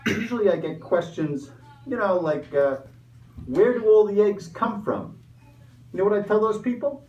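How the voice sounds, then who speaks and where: A man's voice: high voice, moderate pace, a little mellow, dull audio, close to an everyday voice. A man doing a greedy, pushy Easter Bunny. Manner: pushy, wisecracking, streetwise. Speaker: comic interviewee. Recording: roomy, far from mic.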